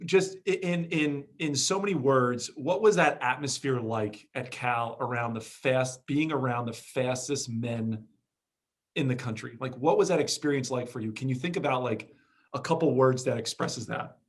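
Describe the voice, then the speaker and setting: A man of middling pitch hosts a podcast interview. He is energetic and blunt, and swears casually as he sets up his questions. His talk is loose and conversational. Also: moderate pace. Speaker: podcast host.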